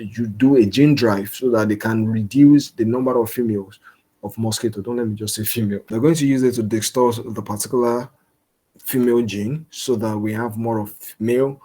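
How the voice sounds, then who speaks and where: A man's voice: on the low side, fairly even intonation, brisk, warm tone, husky. A young man from Nigeria giving an informal science lecture, explaining step by step with many fillers and restarts. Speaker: guest lecturer.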